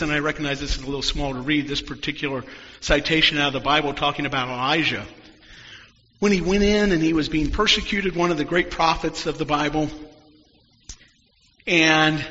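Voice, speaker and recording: A man preaches a reflective sermon in a bright, slightly high voice, often sinking almost to a whisper. His words ring out through a large hall with a long reverb, and the sound is dull and muffled. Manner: reflective storytelling, dropping to near-whispers.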